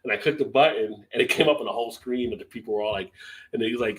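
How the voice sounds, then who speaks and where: A man's voice: mid-range voice, rapid-fire. A man hosting a live stream, chatting casually and loosely, swearing and laughing often. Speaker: beer channel host.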